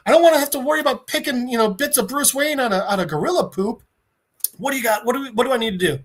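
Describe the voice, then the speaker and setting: A man voicing a crude, cocky male antihero, loud, excitable and swearing as he retells a comic scene. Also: extremely high pitch, rapid-fire, pitched above the performer's own voice. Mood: exasperated.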